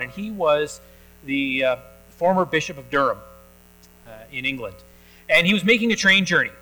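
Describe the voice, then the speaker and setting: Male pastor, bright slightly high voice, folksy conversational sermon with plenty of fillers. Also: poor audio. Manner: conversational storytelling, with many fillers and restarts. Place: church.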